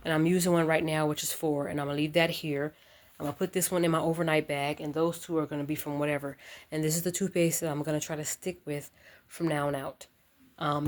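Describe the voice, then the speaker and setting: A woman's voice: low-pitched, slight background noise. A young woman chatting casually to her phone camera at home, rambling and talking straight to her viewers. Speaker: vlogger.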